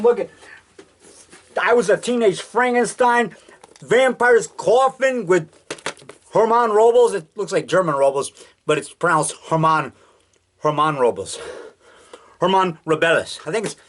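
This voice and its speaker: Older man in his sixties, slightly high voice, loose rambling show-and-tell at home, peppers talk with "man.". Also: normal speed, a little hiss or hum. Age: 60s. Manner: rambling, chatty, keeps adding "man" and "you know". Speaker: filmmaker showing his collection. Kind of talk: casual show-and-tell monologue.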